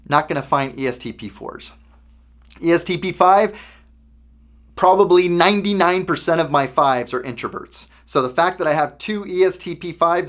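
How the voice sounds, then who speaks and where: Speaking with a fairly bright tone and a pitch on the high side, this host explains things in a relaxed, chatty way. He regularly pauses to check in with his audience, asking "okay?"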